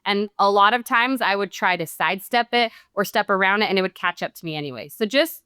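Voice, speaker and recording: A woman's voice: medium pitch, fast, pushed and bright, clear, resonant tone, no echo, clean studio sound. A middle-aged woman speaking as a podcast guest, reflective, earnest and heartfelt. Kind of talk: reflective interview talk.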